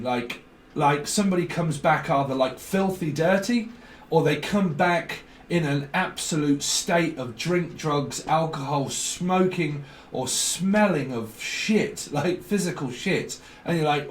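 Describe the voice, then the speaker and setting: A man's voice: a little high, measured pace, echoey room, far from the mic. A man gives a tarot reading, rambling and free-associating, full of fillers and swearing. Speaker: tarot reader.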